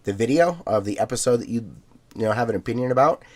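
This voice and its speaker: Relaxed man chatting on a podcast. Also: medium pitch, fast. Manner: relaxed, filler-heavy, laughs easily. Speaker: podcast co-host. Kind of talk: casual chat, reading listener emails.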